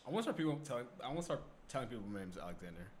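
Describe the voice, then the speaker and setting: A young man co-hosting a podcast, chatting casually in a quick, animated way, with lots of "like" fillers. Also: mid-range voice, slight background noise. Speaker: podcast co-host. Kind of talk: casual chat.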